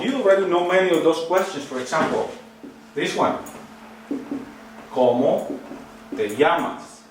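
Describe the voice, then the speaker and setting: A man's voice: on the high side, slight background noise. A man teaching a lesson, coaxing his students with questions and checking that they follow. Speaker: Spanish teacher. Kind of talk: recorded online lesson. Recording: very echoey room, mic at a distance.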